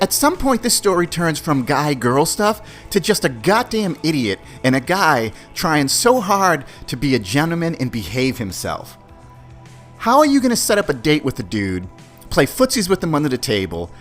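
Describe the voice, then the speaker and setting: A man hosting his own podcast, telling a story in a casual, profane way. He talks straight to his listeners and swings from loud disbelief to low mutters. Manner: animated, profane, addresses listeners as guys. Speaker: podcast host.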